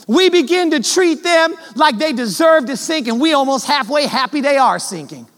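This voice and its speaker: A man with a notably high voice preaches a fervent sermon to his congregation. He talks plainly and directly, swinging between loud, driving emphasis and hushed asides. His voice rings out with the long reverb of a large church hall. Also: lively intonation, moderate pace. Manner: colloquial, direct address to the congregation. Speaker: pastor. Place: church sanctuary.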